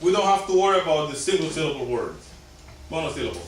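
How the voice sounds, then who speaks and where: A man's voice: a little high, sing-song, fast. A male language teacher explaining grammar step by step to a class in a classroom lesson. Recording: echoey room, distant mic, noise.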